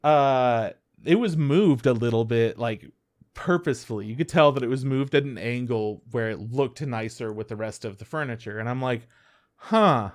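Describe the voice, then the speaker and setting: A man's voice: medium pitch, moderate pace. A young adult man co-hosting a podcast, chatting casually and acting out quotes as he tells stories. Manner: animated storyteller, acts out quotes, swears freely. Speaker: podcast co-host. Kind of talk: casual chat.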